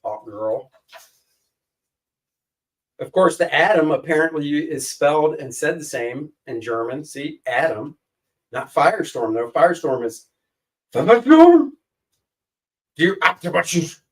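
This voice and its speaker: A man co-hosting a laid-back chat, wandering from joke to joke. His voice is a little high and sits somewhat back from the mic. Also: moderate pace, recorded from a distance, rough recording. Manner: jokey, rambling, flips voices for quotes. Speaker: co-host. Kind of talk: casual chat.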